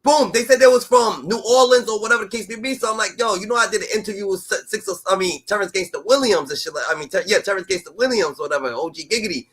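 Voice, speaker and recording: Man, fast talker, bright tense tone, husky edge, rambling streamer commentary, filler-heavy. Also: high voice. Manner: rambling, fills with "da, da, da". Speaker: livestream host. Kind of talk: casual streetwise commentary.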